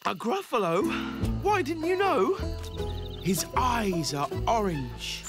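Plucky lil cartoon mouse, bouncy pitch, music under it. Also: huge pitch swings, takes it slowly. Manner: bright, plucky, theatrical gasps. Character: small clever brave mouse. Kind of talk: animated storybook voice acting.

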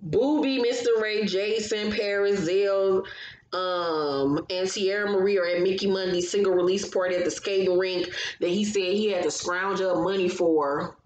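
A woman's voice: mid-range voice, moderate pace, a little mellow, roomy sound, poor audio. Blunt, profane woman recapping reality TV. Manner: blunt, profane, heated opinions. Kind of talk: casual recap commentary.

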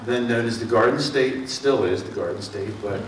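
A man's voice: fairly low pitch, moderate pace, reverberant, far from the mic, noisy background. A middle-aged man from the Mid-Atlantic with a Philadelphia and South Jersey accent, giving a folksy, rambling talk to a community forum, full of fillers and self-corrections. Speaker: water district speaker. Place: meeting room.

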